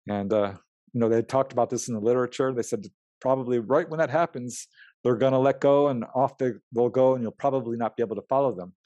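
A man's voice: mid-range voice, quick pace, no room sound, lo-fi sound. Guy telling his out-of-body stories in a podcast chat, acts out the voices, dry close mic. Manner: animated, acts out quoted dialogue with laughs. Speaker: guest, UFO researcher and writer. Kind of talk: storytelling in an interview.

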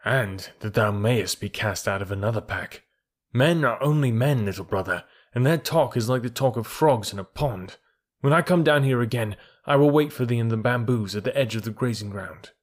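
A man's voice: mid-range voice, moderate pace, close to an everyday voice. A man voicing a loyal, anxious young male wolf who speaks earnestly in old-fashioned words. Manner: earnest, archaic speech.

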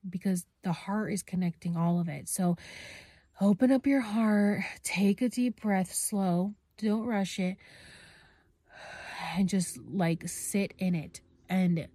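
A woman's voice: mid-range voice, slow pace, warm tone, dry recording, studio quality. A woman vlogger telling a personal story in a casual, rambling way, full of fillers and restarts and the odd burst of swearing.

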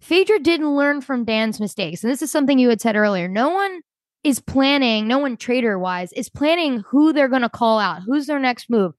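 Animated woman recapping a show, dry sound. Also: high voice, no echo. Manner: animated, quick, laughing retellings. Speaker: podcast co-host. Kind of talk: casual chat.

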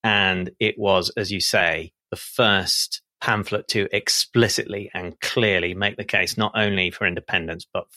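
Man, guest historian: low, forceful, animated, dry close sound. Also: measured pace, few pauses, no room sound. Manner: animated storyteller, laughs often, some restarts. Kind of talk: conversational podcast discussion.

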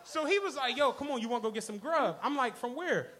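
A man's voice: extremely high pitch, fast, some chatter behind. A man telling a profane story on stage at a live podcast show, acting out the people in it. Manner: animated, profane, acts out the people in his stories. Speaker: podcast co-host. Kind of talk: live storytelling before an audience. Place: stage of a comedy club.

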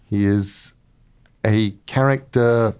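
A middle-aged man, an author being interviewed, telling stories in a lively way and acting out quotes. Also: fairly low pitch, takes it slowly, clean tone. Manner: lively storyteller, acts out quotes. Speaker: author guest. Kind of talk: casual interview talk.

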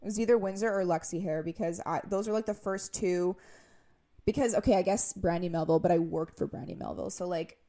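A woman's voice: fairly low pitch, fast, mellow. Podcast co-host, a woman in her twenties, casual and chatty; she tells long anecdotes and puts on quoted voices. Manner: chatty storytelling, heavy use of "like"; acts out quotes in raised voices. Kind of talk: casual chat.

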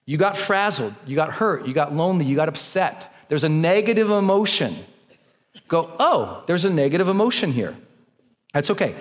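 A man giving an energetic, coaching motivational talk to a live audience and leading them through breathing exercises. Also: high voice. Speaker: motivational speaker. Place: large hall with a live audience. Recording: long reverb of a large hall.

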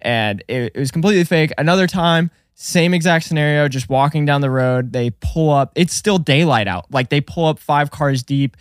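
A young man telling stories on a casual podcast, swearing freely and animated as he talks. His voice sits a little high for a man, and the sound is dry and close. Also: normal speed, few pauses, clean tone, no room sound. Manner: profane, animated storytelling. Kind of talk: casual storytelling chat.

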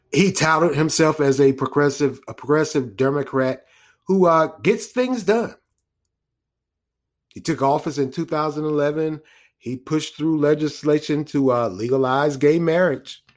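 A man giving a casual monologue on the news, rambling with many restarts, asides and chuckles. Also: fairly high pitch. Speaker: commentator.

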